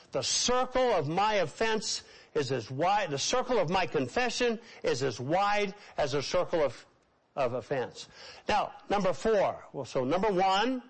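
A man preaching a sermon as a pastor, swinging between raised exclamations and hushed, slow phrases, and leading his congregation to repeat lines after him. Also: fairly high pitch, poor audio.

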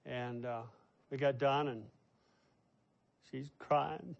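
A man's voice: medium pitch, steady tone, slow pace, creaky, long pauses, a little hiss or hum. An older man, a pastor, preaching a sermon and telling a family story in a conversational way.

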